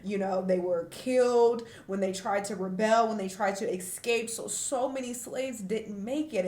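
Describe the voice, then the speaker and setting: A woman from the United States talking frankly and reflectively to camera in a vlog, with fillers and emotional pauses, tearful at times. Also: a little high, reverberant. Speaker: vlogger.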